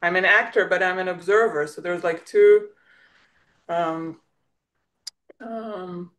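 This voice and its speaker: A woman with an Israeli accent, a native Hebrew speaker, talks in a reflective conversation, often pausing and restarting as she looks for words. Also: on the low side, a bit bright. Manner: searching for words, restarts, light laughs. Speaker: guest.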